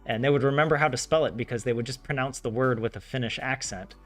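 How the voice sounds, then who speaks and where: Speaking quickly in a mid-range voice, a Southern American man vlogs about studying a language. He rambles, says "like" constantly, and breaks into animated asides while soft game music plays.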